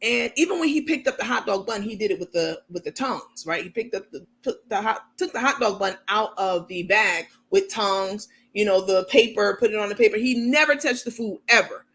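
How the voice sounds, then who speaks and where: A woman's voice: medium pitch, animated, moderate pace, few pauses, fairly bright tone, husky. A woman with a New York accent hosting a chatty, rambling commentary show, reading out viewer comments as she talks. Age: adult with a university degree. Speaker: commentary channel host. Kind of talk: casual livestream-style commentary.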